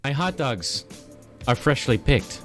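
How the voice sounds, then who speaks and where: A man putting on a silly voice for a goofy male hot dog vendor, speaking softly and a little far from the mic, played from an old clip. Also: medium pitch, very animated, slow pace, soft background music, voice pushed up.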